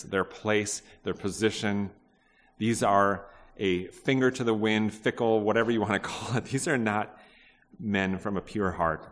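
A man with a very low voice preaches a sermon to his congregation. He talks in a conversational way, asks questions and restarts his sentences. His voice rings with the long reverb of a big hall. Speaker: pastor.

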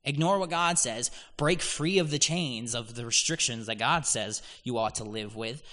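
A man's voice: medium pitch, moderate pace, pushed and bright. A man preaching a sermon on a psalm, teaching earnestly and giving God's words extra emphasis. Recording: long hall reverb.

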